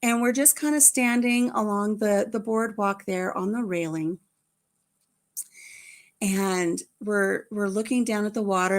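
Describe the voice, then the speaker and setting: An older woman and grandmother chatting casually to her viewers, telling a family story in a rambling way with frequent restarts. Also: mid-range voice. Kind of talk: casual chat.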